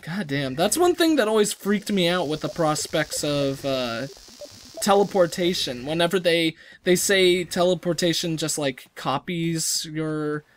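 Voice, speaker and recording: A let's-play gamer giving casual gameplay commentary, rambling and self-deprecating, often trailing off and restarting sentences. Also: a little slow. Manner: lively, jumpy pitch.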